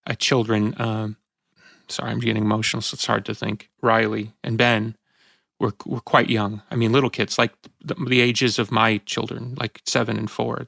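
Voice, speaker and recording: A man in his fifties, a podcast host, talking in a reflective, halting way with frequent restarts and moments of emotion. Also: lowish voice, gravelly, fairly bright tone, no room sound, clean studio sound. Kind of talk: reflective conversational talk.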